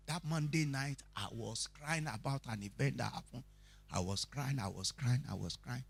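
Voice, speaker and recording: With a medium-pitched, husky voice and no room sound, a Nigerian man of Yoruba background delivers a teaching sermon. He preaches through a Bible study, keeps putting questions to the audience, and tells stories energetically.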